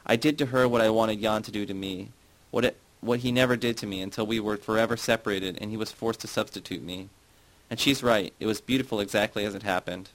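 A man's voice: lowish voice, steady tone, quick pace, natural voice, rough recording. A man reading the part of a middle-aged woman who confesses old memories, then turns sarcastic and provoking. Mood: wistful.

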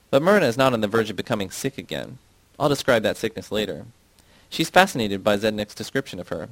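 Man in a measured audiobook reading. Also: on the low side, very animated, a bit bright, no room sound. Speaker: audiobook reader. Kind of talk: reading a novel aloud.

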